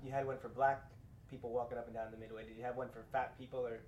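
A man's voice: medium pitch, level tone, rapid-fire, a little mellow. A man interviewing a former carnival worker, asking probing questions and giving short encouraging replies. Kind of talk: oral history interview. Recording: echoey room with faint noise.

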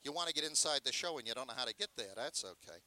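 An older man, a carnival talker and pitchman, on a festival stage with a handheld mic, switching between loud joking sales patter and chatty stories. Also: lively intonation, very fast, no echo. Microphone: handheld microphone.

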